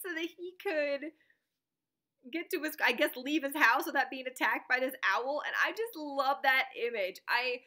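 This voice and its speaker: Speaking into a camera mic at home, this woman, a teacher with a reaction-video channel, rambles chattily to her audience and laughs often. She has a high-pitched, pushed and bright voice and talks at normal speed.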